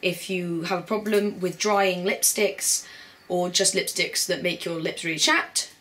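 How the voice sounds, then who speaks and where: A woman's voice: lowish voice, steady tone, unhurried, a bit bright. A young woman, chatting casually and bubbly as a beauty vlogger. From Britain. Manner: bubbly and chatty, with playful put-on voices. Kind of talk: casual chat.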